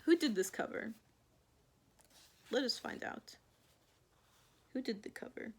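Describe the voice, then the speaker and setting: Gushing, excitable woman book vlogger. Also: a little high, measured pace, husky. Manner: gushing, excitable, heavy with fillers and restarts; swears casually. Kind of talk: casual chat to camera.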